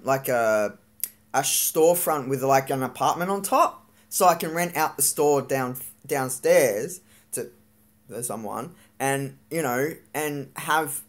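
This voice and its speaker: Slow, halting, fed-up vlogger ranting. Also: medium pitch. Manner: frustrated, swearing, halting with many fillers. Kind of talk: live-streamed vlog rant.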